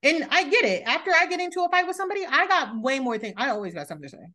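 This is a woman hosting a casual podcast, talking a reality show over with a co-host. Her voice sits somewhat high and moves a lot, rising and falling with every point. She is blunt and swears without holding back. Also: rapid-fire. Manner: blunt, animated, swears freely. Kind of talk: casual recap chat.

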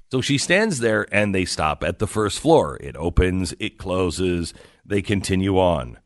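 A man's voice: on the low side, very animated, slow pace, no room sound, clean studio sound. A middle-aged man hosting a talk radio show, telling a story and acting out the quotes as he goes.

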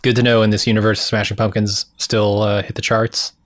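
A man with a lowish voice recaps a show in relaxed, easygoing chat. The sound is dry and close, with no room around it. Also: a little fast, no room sound. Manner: relaxed, recaps scenes from notes. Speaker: podcast co-host.

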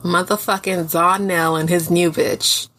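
A woman's voice: on the low side, level tone, measured pace, fairly bright tone. A woman co-hosting a podcast, adding petty, profane commentary in casual chat. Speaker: podcast co-host.

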